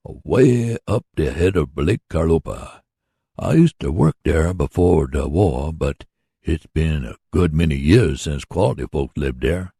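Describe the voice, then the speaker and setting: A folksy, rambling older workman speaks in a deep, gravelly voice, as a man reads him aloud. He sounds earnest and plain-spoken, with a husky edge. It is a storybook reading in a dry, close recording. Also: animated, unhurried, warm tone, no echo, heavily acted. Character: hard-working older man running a mule sawmill.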